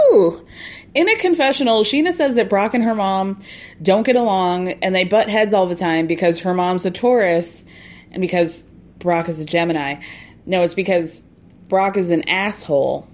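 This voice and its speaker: Woman, recap host, casual and opinionated, quick sarcastic asides. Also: mid-range voice, darkish tone. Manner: acts out quotes in put-on voices.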